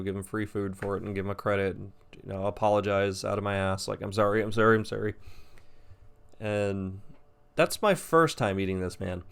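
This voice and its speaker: Guy in his 20s ranting through a work story, low voice, swears a lot, gets loud. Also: vocal fry, clean tone. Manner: animated and profane, often raising his voice. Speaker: vlogger telling a story. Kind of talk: casual storytelling.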